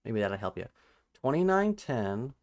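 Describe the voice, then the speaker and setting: A man hosting a live-streamed Bible study, thinking out loud, correcting himself mid-sentence and reading scripture aloud while he looks up verses. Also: mid-range voice, big pitch swings. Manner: halting and self-correcting, restarts numbers while looking up verses; reads scripture and viewer chat aloud.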